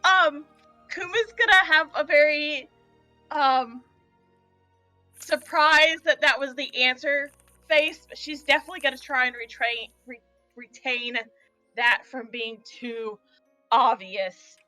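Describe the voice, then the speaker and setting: A woman playing a tabletop game, chatty and quick to laugh. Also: high voice, sharp tone, dry recording, soft background music, rough recording. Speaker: player. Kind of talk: casual tabletop play.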